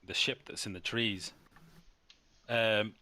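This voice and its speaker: A man's voice: lowish voice, steady tone, slow, bright, forceful tone. A man narrating as game master in a tabletop game, playful and teasing, with frequent restarts.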